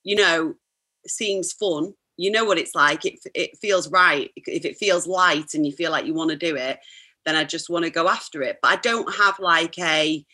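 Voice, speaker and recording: A woman, chatting as a podcast guest, effusive and quick to laugh. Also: low-pitched, pushed and bright. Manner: effusive, laughs often, talks in quick restarts. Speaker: podcast guest, sports presenter. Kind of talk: casual chat.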